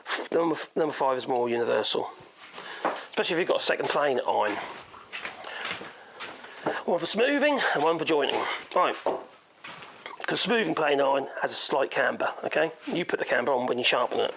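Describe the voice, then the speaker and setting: A man's voice: a little high, big pitch swings, fairly quick, noisy background. A man with a Norfolk accent giving a chatty, rambling woodworking demonstration in his workshop, thinking aloud as he goes. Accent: Norfolk English. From Norfolk, England.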